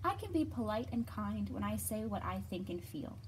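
A woman librarian leading a children's storytime, reading aloud in an expressive, bright manner and acting out the quoted lines. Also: medium pitch, normal speed, slight background noise.

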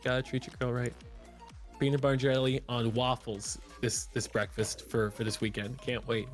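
A man streaming a game, chatting casually in a rambling, animated way with music behind. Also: mid-range voice, normal speed. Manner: animated, rambling, laughs often. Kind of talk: casual gaming chat.

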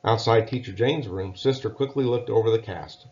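A man reading a children's storybook aloud in a gentle, measured way. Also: fairly low pitch. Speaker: narrator. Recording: dull lo-fi recording.

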